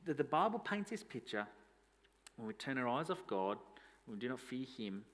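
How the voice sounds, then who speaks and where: A pastor preaching a sermon in a conversational tone, asking rhetorical questions and restarting phrases often. His voice sits in an ordinary middle pitch for a man. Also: big pitch swings, moderate pace, a bit bright.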